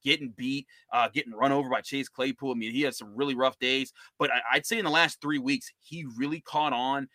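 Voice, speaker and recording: A man's voice: mid-range voice, steady tone, brisk, few pauses, sharp tone, dry recording. A man hosting a casual sports podcast, talking through football roster picks in a conversational way, with frequent restarts. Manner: conversational, many restarts and fillers. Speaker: podcast host and NFL analyst.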